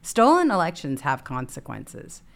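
A woman's voice: low voice, wildly swooping pitch, a little slow, creaky. A woman hosting a political talk show, indignantly reading headlines and commenting. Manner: indignant, reads headlines aloud. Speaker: host.

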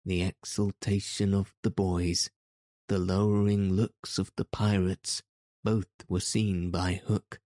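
A man narrates a story in a deep, dark, mellow voice. He reads slowly and steadily, with very little rise and fall. The sound is close and dry. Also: dry recording. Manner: measured, even storytelling. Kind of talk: audiobook narration.

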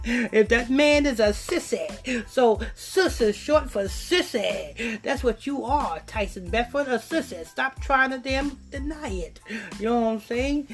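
A man hosting a podcast, ranting and mocking in a loud, profane way and laughing at his own jokes. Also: very high-pitched, slow pace, soft background music. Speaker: podcast host. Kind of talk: ranting commentary on played clips.

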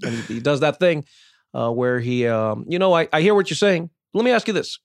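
Halting president impression by a man, slow, lots of uhs, dry close sound. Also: fairly high pitch, expressive, dry recording. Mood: deliberate. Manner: slow, full of uhs and pauses. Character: measured, halting middle-aged male president.

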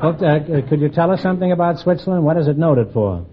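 A man hosting a radio quiz show, teasing his contestants with quick quips and a habit of tacking "huh?" onto his jokes. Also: on the high side, lively intonation, noisy background. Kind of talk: wisecracking quiz show banter. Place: radio studio before a live audience. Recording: dull old broadcast with loud audience.

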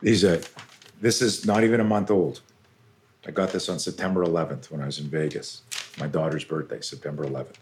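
A man's voice: extremely low pitch, fairly even intonation, a little fast, a little mellow, slight background noise. A middle-aged man, a self-defense coach, telling stories intensely and animatedly as a podcast guest, with casual swearing. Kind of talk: podcast interview storytelling.

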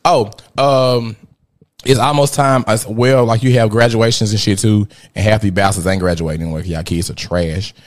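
A man, a podcast host telling a rowdy, profane story in casual chat, jumping between loud outbursts and muttered asides. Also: on the low side, fairly even intonation, moderate pace. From Memphis, USA. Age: 30s.

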